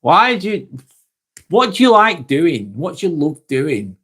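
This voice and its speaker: A young British man hosting a live vlog stream, reading out viewer comments in a relaxed, chatty way with frequent ums and quick laughs. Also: on the high side, husky. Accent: British English. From England.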